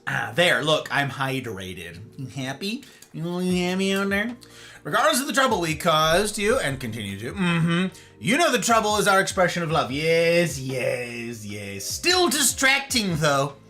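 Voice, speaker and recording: A man's voice: a little high, big pitch swings, measured pace, pushed and bright, soft background music. A man hosting a livestream, chatting casually and reading and answering his viewers' messages aloud. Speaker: livestream host.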